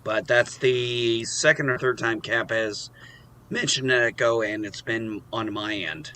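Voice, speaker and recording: A man's voice: medium pitch, steady tone, unhurried, sharp tone. A man hosting a casual live stream chat, rambling and cursing freely. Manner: swears freely, rambling, self-deprecating. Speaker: host.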